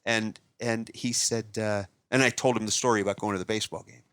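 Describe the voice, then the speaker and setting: Man from Ohio telling a lively travel story. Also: fairly low pitch, a little fast, clear, resonant tone, no echo. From Northeast Ohio, USA. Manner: animated anecdote-teller, repeats and restarts words. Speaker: guest magician. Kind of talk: storytelling in a podcast interview.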